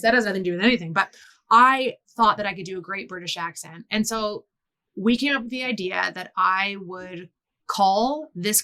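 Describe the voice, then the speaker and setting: Bright-voiced Canadian woman telling a story. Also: mid-range voice, rough recording. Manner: animated, jumps into quoted voices. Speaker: guest storyteller. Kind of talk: casual comedic storytelling.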